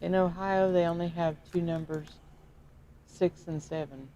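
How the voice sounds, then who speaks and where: A woman's voice: fairly low pitch, fairly even intonation, measured pace, mellow, slight background noise. A woman co-hosting a casual livestream chat, giggling often as she reads out viewer comments. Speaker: livestream co-host reading chat.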